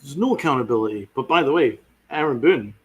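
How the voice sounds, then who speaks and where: A man's voice: mid-range voice, lively intonation, fast talker, husky. A man hosting a sports podcast, ranting with fiery sarcasm and heavy swearing. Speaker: podcast host.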